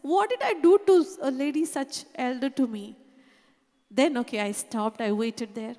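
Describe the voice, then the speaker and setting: A woman's voice: high voice, moderate pace, dark tone. A woman preaching, telling a personal story earnestly and often saying "you know". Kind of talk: sermon testimony. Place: church hall. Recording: long reverb of a hall.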